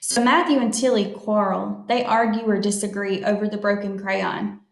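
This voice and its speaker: A woman reading a picture book aloud to children, slowly explaining new words as she goes. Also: mid-range voice, steady tone, vocal fry, echoey room. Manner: slow, explains words to young listeners. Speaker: storytime reader.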